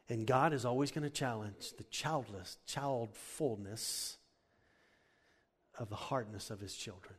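A man's voice: mid-range voice, unhurried, breathy edge. A male pastor preaching a sermon in an earnest, conversational and emphatic manner, in a church hall. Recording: echoey hall.

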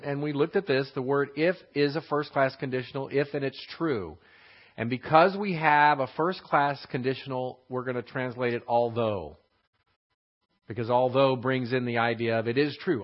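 A man teaching a verse-by-verse Bible lesson, explaining and rephrasing scripture in an unhurried classroom manner. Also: medium pitch. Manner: explanatory, rephrasing verses, frequent fillers and restarts. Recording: slightly dull lo-fi recording.

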